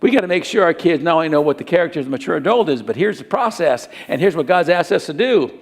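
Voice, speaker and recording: Man, middle-aged pastor, sermon, high voice, gravelly edge, animated delivery. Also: fast. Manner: animated preaching with acted-out scenes.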